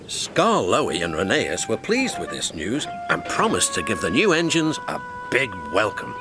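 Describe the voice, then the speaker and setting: Expressive male storybook narrator. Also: lowish voice, a little slow. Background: music score.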